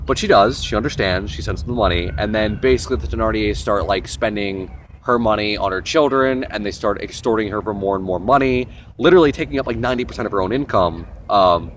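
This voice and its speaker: A man's voice: on the low side, fairly quick. Young guy rambling about a book he loves, lots of ums, faint hiss in the background. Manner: rambling, animated, many fillers and asides. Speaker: host. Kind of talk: casual vlog retelling a novel.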